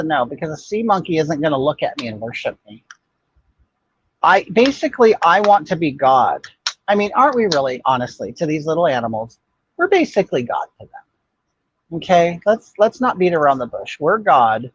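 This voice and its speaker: Older man, sassy gossipy chat, husky, fairly high voice, dull dry recording. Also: very animated, moderate pace, no echo. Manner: sassy, gossipy, blunt, with frequent restarts. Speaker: livestream host. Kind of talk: casual chat reading viewer comments. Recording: dull, muffled dry audio.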